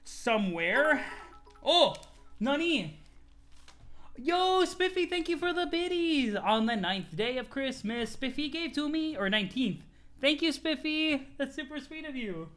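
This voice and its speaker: A streamer reading a webcomic live, reacting in an excitable, chatty way. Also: medium pitch. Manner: excitable, chatty, swearing often.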